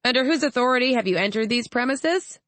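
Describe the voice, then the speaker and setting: A woman's voice: fairly high pitch, animated, fast, fairly bright tone, no echo, pitched above the performer's own voice. A woman voicing a curt, formal male soldier at a checkpoint in an audiobook.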